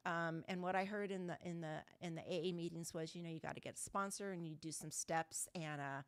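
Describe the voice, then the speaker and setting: A woman's voice: on the low side, steady tone, fairly quick, clear, resonant tone, no echo. A middle-aged woman from Southern California shares her recovery story at an online meeting. She speaks candidly and bluntly and swears casually. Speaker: guest speaker. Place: online video call meeting.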